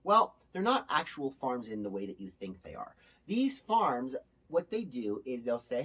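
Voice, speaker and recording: A man's voice: medium pitch, a little slow, husky. A male host giving casual spoken commentary to his viewers in an emphatic way, with a touch of sarcasm. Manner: animated, emphatic, sometimes sarcastic. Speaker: show host.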